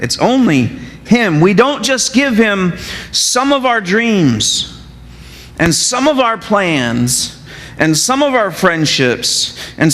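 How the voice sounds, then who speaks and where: A man preaching a sermon as pastor. He keeps asking his congregation questions in a lively back-and-forth. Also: high-pitched, long reverb tail. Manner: animated, asks the congregation questions. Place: church sanctuary.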